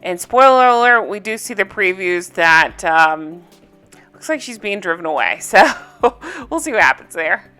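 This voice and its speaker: A woman's voice: fairly low pitch, animated, normal speed, sharp tone, smooth, faint music behind. A woman, recapping a reality show in casual chat, blunt and opinionated and swearing freely.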